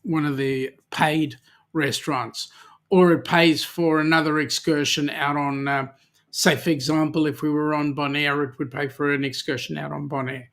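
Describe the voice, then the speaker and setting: A man's voice: a little high, flat delivery, moderate pace, a bit bright. An Australian man hosting a livestream, chatting casually and reading viewer comments aloud with lots of ums. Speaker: livestream host.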